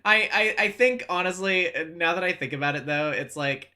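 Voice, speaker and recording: Laughing woman streamer, low voice. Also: expressive, moderate pace, bright, forceful tone. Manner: laughing, swearing, rambling asides. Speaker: streamer and voice actor. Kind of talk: casual gameplay commentary.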